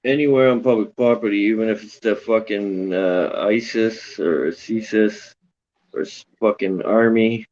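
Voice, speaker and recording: A man's voice: lowish voice, measured pace, a little mellow, lo-fi sound. A man in casual chat on a livestream, laid-back and slangy. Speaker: stream chat participant.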